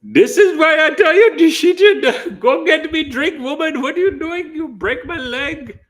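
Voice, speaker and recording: A man voicing a whiny, put-upon man who complains in a squeaky, high voice. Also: a little slow, a bit bright. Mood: mock whining. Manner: squeaky, broken-English whining.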